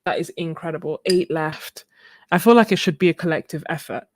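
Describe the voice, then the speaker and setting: A woman's voice: sits low, brisk, no echo. A young woman chatting casually with viewers while she paints on a live stream, laughing often. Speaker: live-stream art host.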